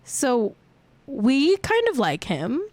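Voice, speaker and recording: A woman's voice: sits high, wildly swooping pitch, slow pace, darkish tone, dry recording. A woman hosting a casual celebrity gossip livestream, playful and self-mocking. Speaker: host.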